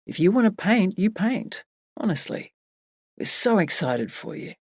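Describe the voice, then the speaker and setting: A woman reading the lines of an easygoing, smug grown man in a storybook, voicing him lower and dry. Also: big pitch swings, unhurried, a little mellow, slightly rough, no echo, full character voice. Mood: reassuring.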